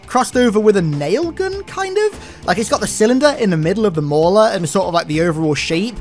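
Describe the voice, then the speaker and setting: A young man hosting a casual gaming news video, talking in an excitable, chatty way with lots of "like" fillers. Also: sits high.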